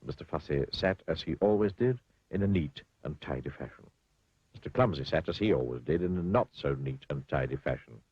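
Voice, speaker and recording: Husky, lively male storybook narrator. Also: extremely low pitch, brisk, dry recording, highs cut off. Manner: expressive and playful, talking to the listener.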